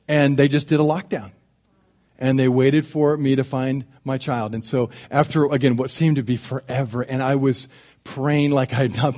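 A middle-aged man preaching a sermon to his congregation, with a slightly raised voice. He tells personal stories with animated delivery, dropping to soft, intimate tones and rising again. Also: a little high. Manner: storytelling, animated, swings from loud to soft and intimate. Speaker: pastor.

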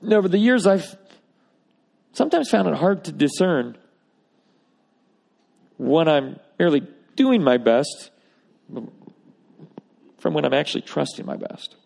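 Pastor guy preaching, wry asides, husky gravelly voice, big echoey church hall. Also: fairly high pitch, lively intonation, a little slow, long pauses, a little mellow. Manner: emphatic, wry asides, reads scripture aloud. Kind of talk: sermon. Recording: long reverb of a large hall.

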